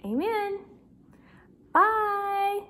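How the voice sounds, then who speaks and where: A woman's voice: very high voice, animated, extremely slow, fairly bright tone. A woman teaching a Bible class to small children from home, in a sing-song, exaggerated way with songs and animal sounds.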